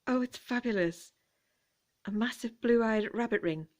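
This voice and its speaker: A woman chatting gently as she shows her vintage jewellery finds. She talks quietly, often slipping into whispers, with playful asides. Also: a little high, unhurried. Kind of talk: relaxed show-and-tell chat.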